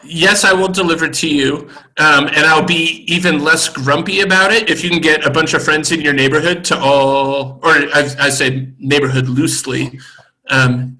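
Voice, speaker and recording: A man, a brewery co-owner, chatting on a video call in a relaxed, thoughtful way with many pauses and fillers. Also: a little high, rough recording. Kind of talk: casual video call chat.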